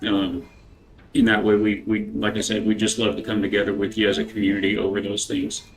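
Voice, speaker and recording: Earnest low-voiced male game streamer. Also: completely flat delivery, poor audio. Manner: earnest, unhurried talk with a devotional bent. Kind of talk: casual livestream chat.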